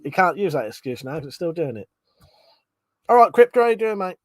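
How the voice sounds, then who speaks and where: A man's voice: high-pitched, sing-song, brisk, no echo. A man hosting a live stream, chatting loosely, swearing casually and reading out chat messages from home. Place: home room.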